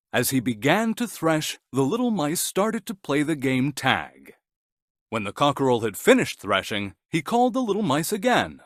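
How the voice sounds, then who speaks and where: A man narrating a scripted children's bedtime story in an animated, gentle storytelling manner. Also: medium pitch, normal speed, no echo, studio quality.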